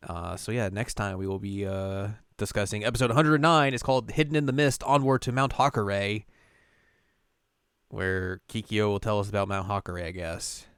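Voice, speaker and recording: Deadpan young man, smooth low voice. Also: moderate pace, no room sound, clean studio sound. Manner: jokey, deadpan, acts out lines. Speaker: podcast co-host. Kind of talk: casual chat recapping an episode.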